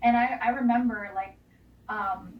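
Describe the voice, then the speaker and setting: A woman's voice: fairly high pitch, fairly even intonation, unhurried, recorded from a distance, muffled recording. A young adult woman giving a candid, emotional personal testimony in an interview, with casual slang. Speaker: interview guest. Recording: roomy sound, voice off-mic.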